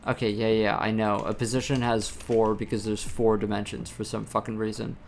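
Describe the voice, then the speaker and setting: A man's voice: fairly low pitch, little pitch movement, a little fast, creaky, slight background noise. A man streaming himself programming, muttering and swearing in exasperation as he reads error messages aloud. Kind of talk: frustrated live-coding commentary. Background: soft lo-fi music and keyboard typing.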